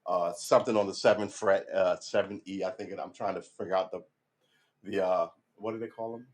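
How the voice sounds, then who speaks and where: A middle-aged man chatting casually on a livestream about guitar practice, rambling and swearing, getting loud and heated when he rants. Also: deep voice, fairly even intonation, brisk.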